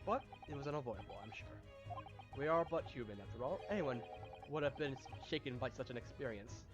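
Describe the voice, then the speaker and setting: A man's voice: medium pitch, brisk, muffled recording, music in the background, natural voice. A man playing a flamboyant male Victorian detective in a game read-through, with a theatrical, grandiose manner. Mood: breezy.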